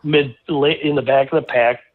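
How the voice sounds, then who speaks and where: A man's voice: mid-range voice, normal speed. Man telling a story over a tinny line. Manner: rambling, animated anecdote with many restarts. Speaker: guest racing driver. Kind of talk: casual storytelling.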